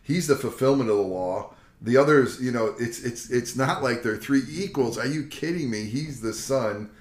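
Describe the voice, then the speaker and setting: An older man, a pastor co-hosting a casual Bible discussion, telling the stories in a lively folksy way and acting out the quotes. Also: mid-range voice, normal speed. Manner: animated storyteller, acts out quotes, folksy. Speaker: pastor and co-host. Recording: echoey room.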